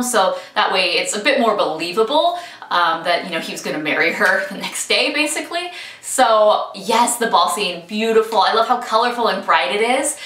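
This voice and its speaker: A woman's voice: medium pitch, a bit bright. A woman chatting enthusiastically and casually as she reviews a film trailer. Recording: echoey room, mic at some distance.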